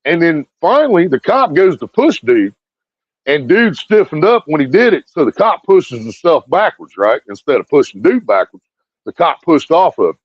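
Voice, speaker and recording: A man's voice: on the high side, big pitch swings, moderate pace, breathy edge, no echo. A man ranting bluntly to his viewers with heavy swearing, repeating himself as he talks, on a dull lo-fi recording. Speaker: video streamer. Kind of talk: profane ranting commentary to viewers.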